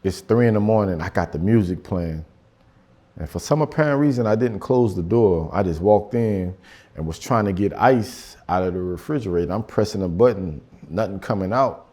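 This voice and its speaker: A man's voice: sits low, expressive, normal speed, mellow. A man doing stand-up storytelling in loose, profane, conversational slang. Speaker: stand-up comedian. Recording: live show with audience laughter.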